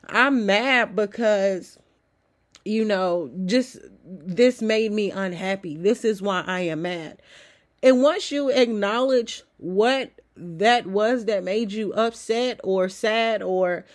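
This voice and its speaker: A host with a cold, sniffling a little, giving a conversational, encouraging motivational talk full of rhetorical questions. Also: mid-range voice. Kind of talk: motivational self-help talk.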